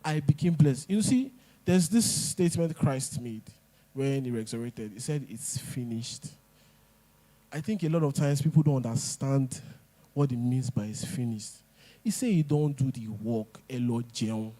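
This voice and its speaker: A man's voice: mid-range voice, a little slow, mellow. A man giving a motivational talk at an event, emphatic and repeating his points. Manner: emphatic, repeats lines, pidgin asides. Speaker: speaker.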